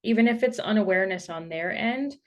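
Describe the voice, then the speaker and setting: A woman's voice: mid-range voice, a little fast, dull audio. A woman hosting a casual interview podcast over a video call, supportive and agreeing with her guest. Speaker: podcast host.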